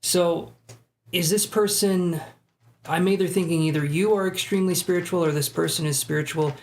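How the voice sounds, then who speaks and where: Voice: medium pitch, fairly even intonation, moderate pace. A tarot reader giving live-stream readings in a casual, chatty way, with self-deprecating asides.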